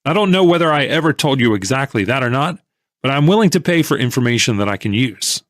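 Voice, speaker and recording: A man's voice: medium pitch, no echo, studio quality, natural voice. A man doing a mild, shrewd old trader. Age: older. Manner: mild, calm, unhurried. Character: calm, shrewd old male stock operator.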